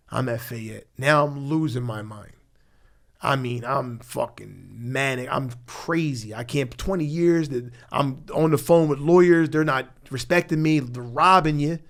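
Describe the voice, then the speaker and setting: A middle-aged man from Philadelphia talks candidly in a studio interview. His voice sits at an ordinary pitch, and he speaks bluntly and profanely. He swings from raised, heated outbursts to low, hushed reflection. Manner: blunt, profane, emotional; grows loud when angry, drops low and quiet when tender. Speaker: podcast guest. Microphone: studio mic.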